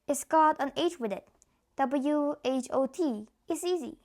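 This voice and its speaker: A woman's voice: high-pitched, darkish tone. A woman doing a nervous little schoolboy. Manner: hesitant, spelling slowly.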